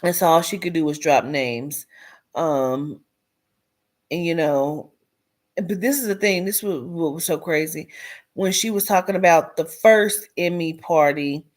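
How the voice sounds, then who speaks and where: A woman's voice: deep voice, unhurried. A woman giving a blunt, profane commentary rant, dropping into whispers for emphasis. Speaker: commentary vlogger.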